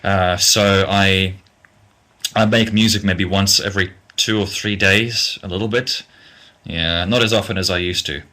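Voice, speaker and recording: A young Australian music producer with a deep, sharp-toned voice and fairly even intonation answers viewer questions in a casual live Q&A. He's halting, full of ums and restarts, blunt in his opinions, and growing tired.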